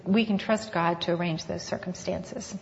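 An earnest woman gives a Christian talk, reading scripture and reflecting on it in a measured, unhurried way. Her voice rings with long reverb in a large hall. The recording sounds muffled and lo-fi. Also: lowish voice, fairly even intonation, creaky. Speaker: conference speaker.

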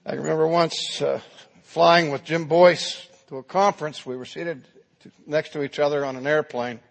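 Gravelly preacher in a reverberant hall. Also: male voice, a little high, steady tone, normal speed. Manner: dramatic storytelling with acted quotes. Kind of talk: sermon.

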